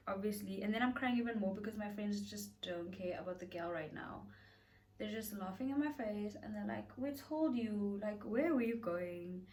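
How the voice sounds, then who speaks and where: A young woman telling a storytime on her vlog, chatty and dramatic. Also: medium pitch. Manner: dramatic, chatty, animated retelling with acted quotes. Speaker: beauty vlogger. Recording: voice a bit far from the mic.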